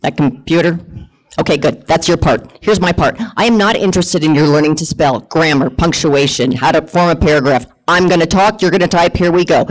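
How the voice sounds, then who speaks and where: Animated woman telling a comic story. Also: low voice, brisk, rough recording. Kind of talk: personal storytelling to an audience.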